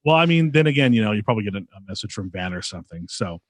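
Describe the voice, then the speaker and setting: A man's voice: fairly low pitch, sing-song, rapid-fire, dry recording. A man co-hosting a podcast in casual chat, teasing his co-host and rambling with lots of fillers.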